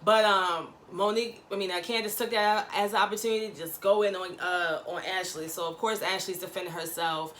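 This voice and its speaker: A woman recapping a reality show in a gossipy, slangy, animated chat, acting out quotes. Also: mid-range voice, fairly quick, hardly any pauses, slight background noise.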